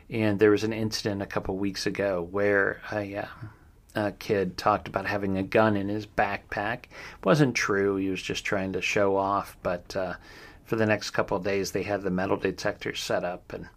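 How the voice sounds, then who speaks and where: This podcast host is a middle-aged man whose lowish voice has a fairly bright tone. Recapping a true crime case, he keeps a somber, steady delivery, dotted with fillers and personal asides.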